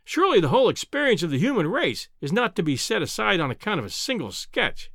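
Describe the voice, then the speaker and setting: A man voicing a doubtful young male journalist, measured and skeptical, in a storybook reading. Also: high voice, big pitch swings, a bit bright, dry recording, clean studio sound, heavily acted.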